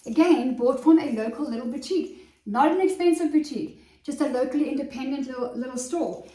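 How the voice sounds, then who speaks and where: A woman's voice: high-pitched, a little fast, mellow. A woman, a confidence coach, chatting eagerly and straight to the viewer in a casual fashion vlog filmed in her home closet. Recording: roomy sound, voice from a distance.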